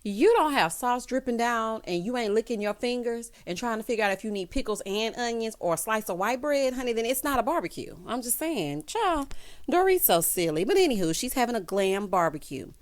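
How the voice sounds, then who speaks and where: A woman giving casual, sassy commentary in a reality TV recap, calling everyone honey and child and swooping her voice up for emphasis. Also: brisk. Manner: animated swoops in pitch for emphasis.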